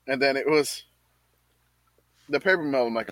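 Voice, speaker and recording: A man's voice: mid-range voice, steady tone, fairly quick, no room sound, low-quality recording. Rambling, self-mocking male podcast co-host. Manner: rambling, self-mocking, laughs while telling stories. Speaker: podcast co-host, league commissioner. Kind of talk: casual sports podcast chat.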